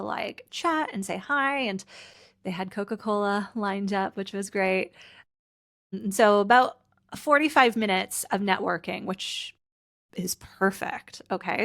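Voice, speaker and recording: Hosting a casual solo podcast, a woman from Canada who works as a personal brand coach speaks in a medium-pitched, slightly bright voice. She chats away with plenty of "like" fillers, sounding weary and somewhat teary, laughing even as she cries.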